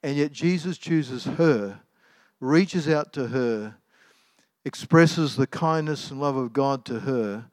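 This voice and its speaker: A man's voice: mid-range voice, slow, no room sound. A middle-aged man, preaching a sermon in a casual, storytelling way with many fillers and restarts. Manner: anecdotal, conversational, with many ums and restarts.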